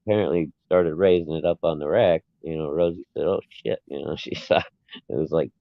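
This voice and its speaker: A very deep-voiced man chats on a podcast, telling stories in an easygoing way and laughing often. His voice comes through a thin, phone-like line with no room sound around it. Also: fairly even intonation, a little fast, gravelly, no room sound. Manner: laid-back, chuckling storyteller. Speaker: podcast co-host. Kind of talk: casual chat.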